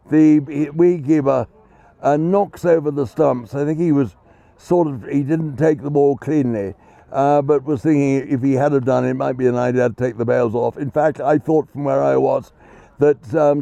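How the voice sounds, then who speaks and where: Brief: cricket commentator, male, gravelly edge to a fairly high voice, whimsical and chatty, dull lo-fi dry sound. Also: mellow, no echo. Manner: genteel, chatty, self-deprecating. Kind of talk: live ball-by-ball commentary.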